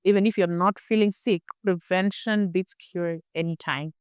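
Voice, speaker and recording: A woman's voice: on the low side, fairly even intonation, moderate pace, smooth, no echo, clean studio sound. A middle-aged woman, the guest expert in an interview, explaining health topics with everyday examples and acted-out inner thoughts. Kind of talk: conversational interview.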